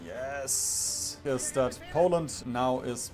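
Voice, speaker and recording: A young man from Germany giving casual, sarcastic commentary while playing a strategy game, swearing and reacting loudly to what happens on screen. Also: on the high side, lively intonation, a little slow, hardly any pauses, faint music behind. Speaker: game streamer.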